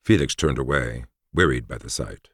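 A man narrating a story in a measured, even storytelling manner with a gravelly voice. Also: a bass voice, no echo, clean studio sound. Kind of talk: audiobook narration.

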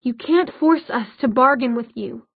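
A woman voicing an irritable, commanding male warlock who speaks in a clipped, brisk way. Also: high-pitched, creaky, breathy edge, dry recording, full character voice. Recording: dry, phone-like narrow sound.

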